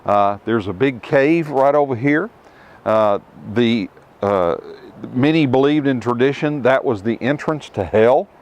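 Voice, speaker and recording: A middle-aged man teaching scripture outdoors to a tour group, emphatic, with rhetorical questions and dramatic pauses. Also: mid-range voice, a little mellow, muffled recording. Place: outdoors at ruins.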